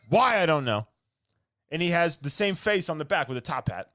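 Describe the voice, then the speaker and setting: A man's voice: a little high, big pitch swings, normal speed, a bit bright, no echo, studio quality. A young man co-hosting a podcast in casual chat, ranting sarcastically and laughing mid-sentence as he gets worked up. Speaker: podcast co-host.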